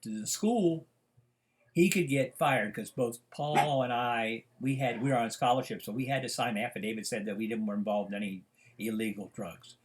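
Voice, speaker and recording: An older man, a professor, giving a recorded lecture that rambles through personal stories with many pauses and fillers. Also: medium pitch.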